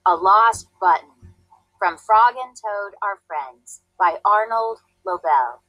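A woman teacher reading a storybook aloud to a class, clear, deliberate and expressive. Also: mid-range voice, no echo, dull audio.

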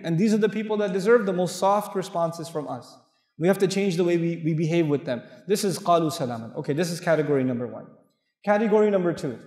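An Islamic lecturer with a high male voice gives a fast, lively sermon, posing rhetorical questions and reciting verses in Arabic. His words echo through a spacious hall, trailing a long reverb.

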